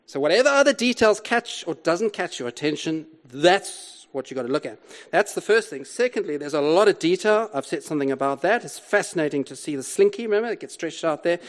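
An older man preaching a sermon, explaining a Bible passage with emphatic repetition and rhetorical questions. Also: fairly high pitch. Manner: emphatic, repeats key words, rhetorical questions.

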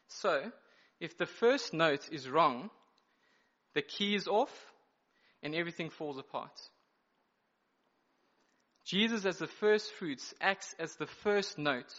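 A man preaching an evening sermon, explaining scripture in an emphatic teaching manner with measured pauses and occasional self-corrections. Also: fairly high pitch, bright, forceful tone. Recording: dull lo-fi recording.

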